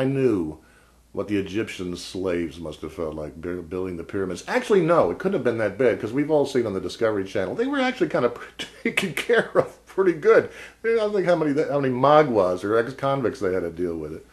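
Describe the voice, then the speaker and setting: A man vlogging a casual story about an old job, rambling and wry, often breaking off mid-sentence. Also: lowish voice. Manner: rambling, self-interrupting, wry.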